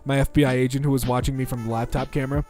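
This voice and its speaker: A young man reading out internet posts for comedy, bouncing between flat deadpan and mock voices. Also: mid-range voice, soft background music. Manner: lively, quick shifts into mock voices.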